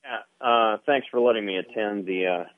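A man's voice: lowish voice, moderate pace, a little hiss or hum. A man from California calling in to a radio show, hesitant and full of fillers. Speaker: radio caller. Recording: tinny phone line, distant.

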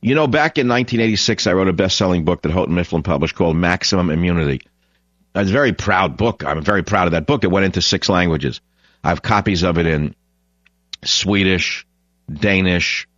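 A man's voice: low voice, brisk, a bit bright, no room sound, lo-fi sound. A man hosting a radio talk show, delivering a blunt, opinionated, rambling monologue.

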